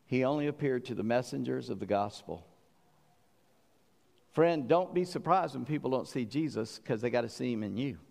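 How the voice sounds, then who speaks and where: A pastor with a mid-range voice preaches a sermon, animatedly telling stories and acting out different voices. A long reverb tail trails his words.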